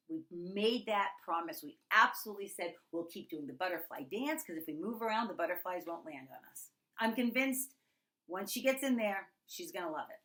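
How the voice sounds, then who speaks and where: A woman in her thirties, a teacher, telling children a personal story in an expressive way, acting out the people in it. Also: on the low side. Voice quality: expressive, lively storyteller, voices the characters.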